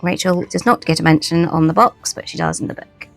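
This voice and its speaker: Showing off newly bought tarot decks, a woman talks in a rambling, self-deprecating way, often starting her sentences over. Her gravelly voice runs on the low side and a little fast. Soft music plays in the background.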